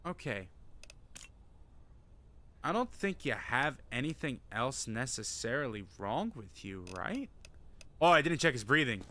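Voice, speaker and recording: A man streaming a video game, commenting casually, yelling and joking at the characters. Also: mid-range voice, unhurried, long pauses, a little hiss or hum. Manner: loud, excitable, yells and jokes at game characters. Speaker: gaming streamer. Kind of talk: casual let's-play commentary.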